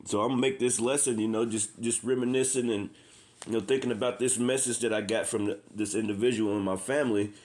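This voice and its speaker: A man's voice: on the low side, steady tone, quick pace, a little mellow. A man preaching informally and with passion, repeating himself, reading scripture aloud between his own words. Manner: impassioned, repetitive, says "man" often. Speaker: street preacher.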